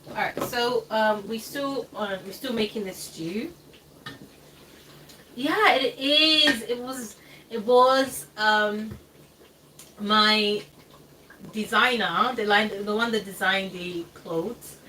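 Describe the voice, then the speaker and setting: A woman's voice: mid-range voice, slow pace, long pauses, pushed and bright. A woman hosting a live cooking stream in her home kitchen, chatting in a rambling way with frequent laughs and hesitant fillers. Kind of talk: casual livestream chat while cooking. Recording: distant mic with faint background noise.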